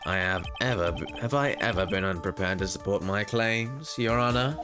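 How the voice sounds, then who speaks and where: A man's voice: fairly low pitch, normal speed, pitched below the performer's own voice, close to an everyday voice. A man voicing a haughty young male prosecutor, speaking in a clipped, superior way over game music. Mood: cold, haughty.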